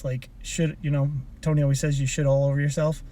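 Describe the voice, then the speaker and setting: A man's voice: fairly high pitch, level tone, a little fast, hardly any pauses, warm tone. A man who coaches people in personal development, telling a motivational story in a rambling, casual way from inside a car, often restarting his sentences. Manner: rambling, with frequent restarts and asides.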